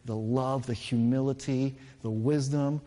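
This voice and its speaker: Male pastor, 30s, earnest emphatic storyteller, mid-pitched voice, church reverb. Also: fairly even intonation, measured pace, dark tone. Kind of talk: sermon. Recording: reverberant hall.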